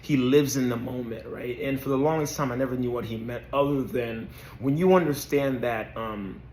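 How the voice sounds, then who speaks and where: A man's voice: mid-range voice, normal speed, a little mellow, roomy sound, a little hiss or hum. A man hosting a casual devotional talk, hesitant and dotted with "um" and "right?". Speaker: faith video host.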